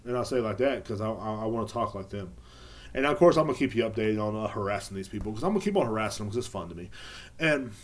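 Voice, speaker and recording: A man hosting a casual solo podcast, rambling and swearing, with lots of filler words and restarts. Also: medium pitch. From United States. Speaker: podcast host.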